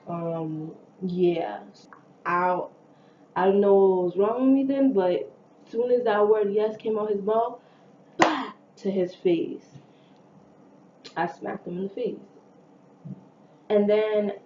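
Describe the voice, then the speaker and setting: A young woman casually retelling a personal story to her viewers, chatty and animated, with slang and quoted dialogue. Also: medium pitch, slow pace, pauses often. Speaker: vlogger telling a story. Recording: echoey, dull lo-fi room with faint noise.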